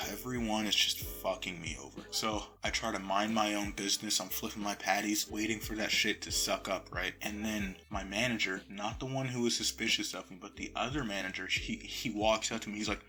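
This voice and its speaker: A young man casually telling a profane story about his job, recorded on his phone, with lively swings into murmurs and whispers. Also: on the low side, brisk, soft background music. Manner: profane, animated retelling that drops to murmurs and whispers.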